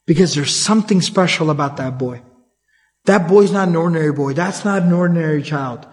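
A man giving a conversational religious lecture in a casual, chatty way, breaking into quick Arabic recitation, recorded in a reverberant hall. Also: on the high side, a little mellow. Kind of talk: conversational Islamic storytelling lecture.

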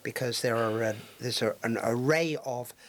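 A man's voice: medium pitch, normal speed. A man hosting a casual discussion, talking with many ums and restarts. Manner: hesitant, many fillers and restarts.

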